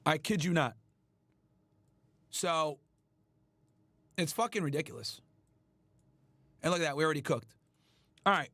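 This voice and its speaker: A man hosting a livestream, ranting at his chat in a loud, profane, emphatic way. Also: on the high side, unhurried, pauses often, no room sound. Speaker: livestream host. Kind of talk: casual livestream rant.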